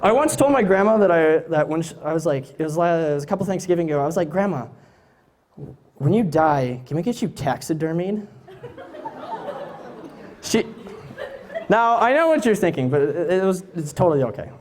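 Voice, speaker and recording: Young male comic, late teens, higher voice with a lot of bounce. Rambly and self-amused on a stage mic. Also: animated, quick pace, background noise. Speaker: stand-up comedian. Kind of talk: live stand-up comedy. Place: live venue stage.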